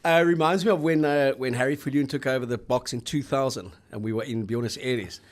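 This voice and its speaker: A man's voice: mid-range voice, fairly quick. A South African man co-hosting a casual rugby chat, telling rambling stories with fillers. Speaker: co-host.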